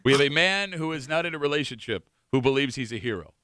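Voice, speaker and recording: Bright-voiced radio host. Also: male voice, medium pitch, fast, no echo, studio quality. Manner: laughing, teasing, animated. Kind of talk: morning radio call-in banter.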